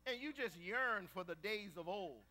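A middle-aged man preaching a sermon, telling stories with animated swings and shouting at the peaks. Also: high-pitched, normal speed.

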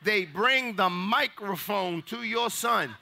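Pastor, male, high gravelly and bright, fiery sermon delivery with shouted peaks. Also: takes it slowly. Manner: animated, rising to shouts, folksy asides.

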